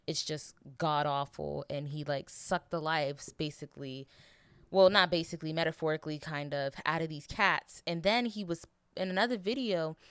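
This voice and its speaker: Emotional young woman, smooth low voice. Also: a bit bright, dry recording, clean studio sound. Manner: emotional, rambling, swears freely. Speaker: podcast host. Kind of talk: casual solo podcast review.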